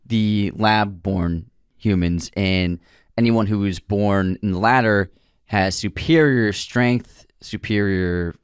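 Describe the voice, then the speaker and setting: Earnest lower-voiced podcast man. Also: slow, clean tone, no room sound, studio quality. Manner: earnest, stumbles over words. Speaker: podcast co-host. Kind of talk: casual film discussion.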